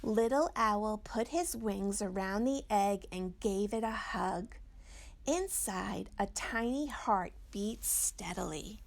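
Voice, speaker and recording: A woman librarian reading a picture book aloud to children in a slow, expressive, sing-song way. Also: medium pitch, creaky. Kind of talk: storybook read-aloud for children.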